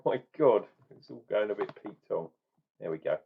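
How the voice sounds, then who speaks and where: A man's voice: on the low side, expressive, normal speed, vocal fry, narrow, tinny audio, slight background noise. A chatty middle-aged man from England reviewing a beer, rambling and joking in a casual tasting vlog. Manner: chatty, jokey, rambling asides.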